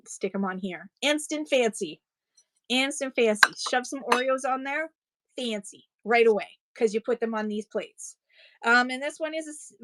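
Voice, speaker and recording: A woman's voice: on the high side, no room sound. A woman in her forties, a live-stream seller chatting casually and digressing as she shows her items. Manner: chatty, digressive, quick to laugh. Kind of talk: casual chat while selling.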